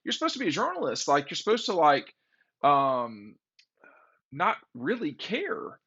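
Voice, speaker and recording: Opinionated man with a bright voice. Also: on the high side, huge pitch swings, unhurried, slightly rough. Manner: opinionated, rambling, exasperated. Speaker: sports commentary host. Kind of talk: casual opinion monologue. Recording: dull lo-fi audio.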